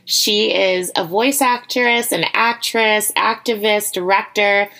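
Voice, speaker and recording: An American woman hosts a casual interview, her speech eager and full of quick fillers and restarts. Her voice carries a noticeable vocal fry at a middling pitch. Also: fairly even intonation, bright, forceful tone. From United States. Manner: enthusiastic, many fillers and restarts. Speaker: podcast host.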